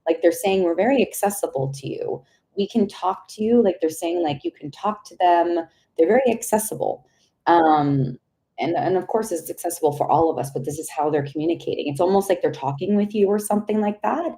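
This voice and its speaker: A young woman giving a live intuitive tarot reading, rambling and searching for words, with sudden excited outbursts and casual swearing. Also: lowish voice, a little fast, low-quality recording. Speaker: tarot reader.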